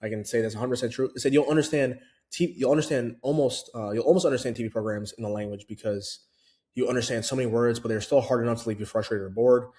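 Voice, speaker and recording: Mellow-voiced man rambling casually. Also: mid-range voice, quick pace. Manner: chatty, full of fillers and restarts. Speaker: language-learning vlogger. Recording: roomy echo.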